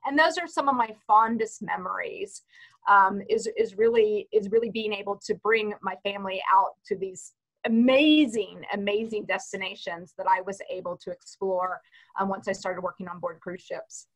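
A woman's voice: mid-range voice, moderate pace, fairly bright tone, low-quality recording. A woman from Texas, a panelist chatting casually and telling a story with lots of restarts. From Texas, USA. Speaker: panelist, cruise business president.

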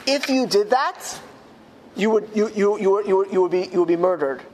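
A man, a rabbi, telling a story in a speech to school students. He slows down emphatically on key words. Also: high voice, expressive, a little mellow, long reverb tail. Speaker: rabbi giving a talk at a school. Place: school hall.

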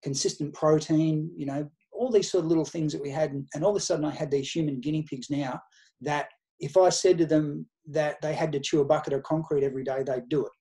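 A man's voice: a little high, fairly even intonation, fairly quick, dark tone. A middle-aged man with an Australian accent, a podcast guest telling anecdotes by quoting past conversations in a casual interview. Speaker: podcast guest, nutrition researcher and coach. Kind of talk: conversational storytelling.

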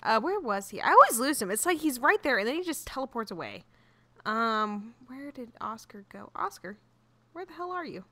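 A woman's voice: a little high, big pitch swings, normal speed, bright, forceful tone. A young woman giving casual, chatty commentary on her own video game, giggly and easily flustered. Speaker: gaming YouTuber. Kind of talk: casual let's-play commentary.

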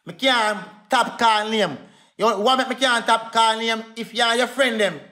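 A man's voice: very high voice, fairly even intonation, unhurried, pushed and bright. A young Jamaican man in a heated livestream rant, defiant and repetitive, calling out to his viewers.

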